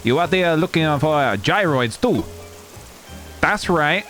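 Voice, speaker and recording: A man's voice: on the high side, animated, measured pace, fairly bright tone. A man voicing a laid-back male pigeon cafe owner in a put-on Italian accent. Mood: easygoing. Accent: Italian-ish put-on accent. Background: game music.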